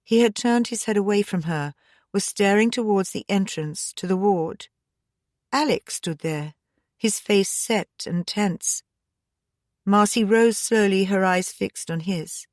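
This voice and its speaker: Woman narrator, mystery audiobook, measured, mid pitch, dry close sound. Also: no echo. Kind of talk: scripted narration.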